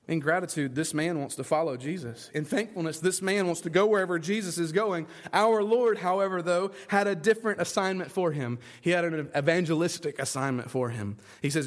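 A pastor with a notably high voice delivers a sermon to his congregation. He is earnest and emphatic, driving points home through repetition and rhetorical questions. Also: fairly quick.

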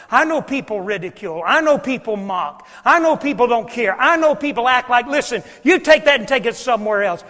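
A man preaching a sermon as pastor, swinging from loud, driving passages to hushed, almost whispered ones, recorded in a church sanctuary. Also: very high-pitched, big-room sound.

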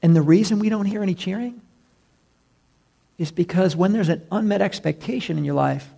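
Man pastor, sermon delivery, gravelly edge, emphatic with low drops on key words. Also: fairly quick, mellow.

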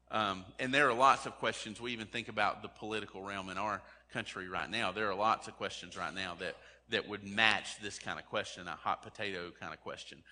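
A man's voice: lowish voice, bright, forceful tone, long reverb tail. A man preaching a sermon in a conversational way, often acting out the people he quotes. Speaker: pastor.

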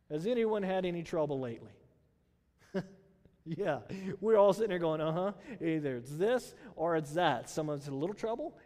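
A man's voice: high-pitched, mellow. A man preaching a sermon in a conversational way, asking the congregation questions and using many fillers. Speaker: pastor. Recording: hall reverb.

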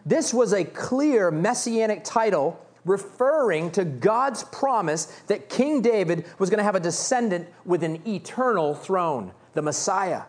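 A man preaching a sermon from the pulpit, his delivery lively and full of swings in pitch. He moves between reading scripture and acting out the beggar's loud, pleading cries. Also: measured pace, hardly any pauses. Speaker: pastor.

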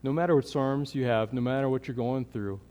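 Earnest preacher in a reverberant church. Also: male voice, mid-range voice, a little fast. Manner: earnest, builds energy then softens into quiet prayer. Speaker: pastor. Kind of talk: sermon. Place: church sanctuary. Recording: long hall reverb.

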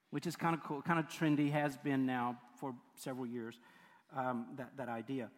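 A man's voice: mid-range voice, fairly even intonation, normal speed. A man preaching a sermon as pastor, chatty, laughing often and breaking off mid-sentence. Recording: long reverb of a large hall.

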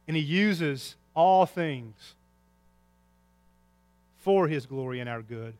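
A man preaching a sermon as pastor, swinging between soft, low lines and loud, raised cries. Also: animated, takes it slowly, pauses often, clean tone, in a large hall. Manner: impassioned preaching with big swings in pitch and loudness.

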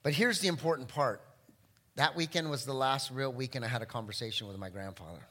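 A man's voice: mid-range voice, fairly quick, big-room sound. A middle-aged man preaching a sermon as pastor, telling a personal story to his congregation. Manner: storytelling, animated then quiet and tender. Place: church sanctuary.

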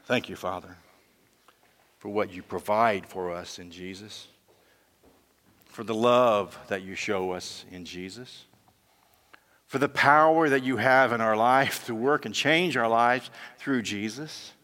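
A man's voice: on the low side, slow, pauses often, fairly bright tone, in a large hall. A male pastor preaching a sermon, telling a story with emphatic peaks and closing in prayer.

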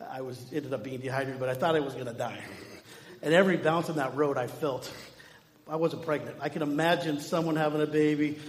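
High-pitched guy preaching, chatty sermon, big echoey hall. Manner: conversational preaching with acted-out quotes. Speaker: pastor.

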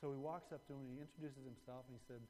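A man preaching a sermon, telling a story with animated swings between loud emphasis and hushed moments. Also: mid-range voice, racing, in a large hall, a little hiss or hum, low-quality recording. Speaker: pastor.

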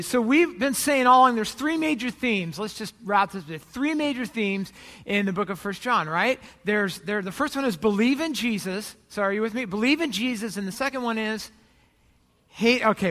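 A man's voice: extremely high pitch, bright, forceful tone. A man preaching a sermon as pastor, telling chatty, self-deprecating stories with frequent restarts. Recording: long reverb of a hall.

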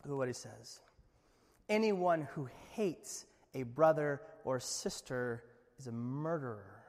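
A man preaching a sermon in a conversational, joking way, with quick asides to the congregation. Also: mid-range voice, animated, a little mellow, long reverb tail. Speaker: pastor.

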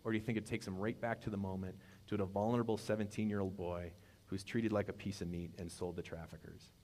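A man's voice: low voice, steady tone, quick pace, a little mellow. A man preaching a sermon in a conversational way, asking his congregation questions as he retells a story. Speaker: pastor. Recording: long hall reverb.

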